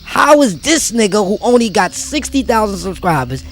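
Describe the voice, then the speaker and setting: A man's voice: high-pitched, sing-song, moderate pace, a bit bright, faint music behind. A man vlogging, delivering an emphatic, preachy motivational rant full of street slang and repeated phrases.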